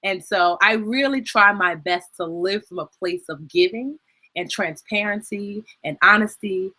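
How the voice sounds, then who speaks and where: Bright, husky-voiced chatty woman. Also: medium pitch, measured pace. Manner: chatty, emotional, laughs through tears. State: tearful, crying at times. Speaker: personal finance educator and host. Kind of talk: casual live-stream Q&A.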